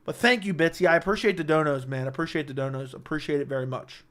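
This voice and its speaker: A man's voice: a little high, fast talker, fairly bright tone. A young man hosting a late-night casual livestream, bantering with his chat in a brash, profane, joking way. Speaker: livestream host.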